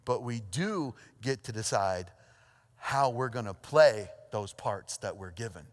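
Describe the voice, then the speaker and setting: A pastor preaching a sermon, telling a story with lively energy, then dropping to a hushed, earnest tone. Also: male voice, on the low side, measured pace. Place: church auditorium. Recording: long hall reverb.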